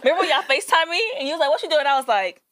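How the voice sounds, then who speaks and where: Woman, playful podcast co-host, bright lively pitch, dry sound. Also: rapid-fire, a little hiss or hum. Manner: playful, laughing, lively back-and-forth. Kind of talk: casual chat.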